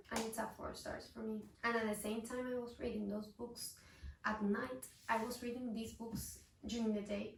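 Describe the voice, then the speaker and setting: A young woman chatting through a casual book wrap-up vlog, expressive and quick to burst into exasperated rants. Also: fairly high pitch, creaky, a little hiss or hum. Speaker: book reviewer. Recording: roomy echo, mic at a distance.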